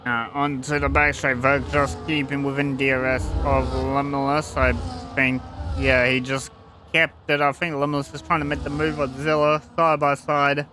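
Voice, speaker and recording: Bright-voiced casual sim racing commentator. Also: male voice, mid-range voice, little pitch movement, moderate pace, a little hiss or hum. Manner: casual, rambling, restarts mid-sentence. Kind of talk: live esports race commentary.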